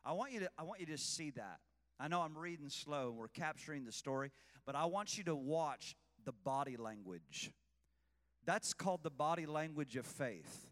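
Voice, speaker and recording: A man preaching a sermon with passion, swinging between shouting and hushed asides. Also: a little high, lively intonation, normal speed, long reverb tail.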